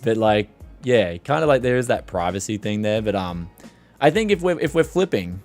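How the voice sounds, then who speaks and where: A low-pitched man hosts a tech livestream in loose, rambling chat. His voice sounds strained and worn from yelling. Faint music plays behind him. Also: normal speed. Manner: rambling, animated, reads chat questions aloud.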